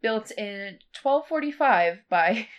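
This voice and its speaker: A woman's voice: medium pitch, animated, slow, muffled recording. A woman co-hosting a podcast, presenting a haunted place in easygoing chat with light laughs. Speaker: podcast co-host presenting the destination. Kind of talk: casual chat.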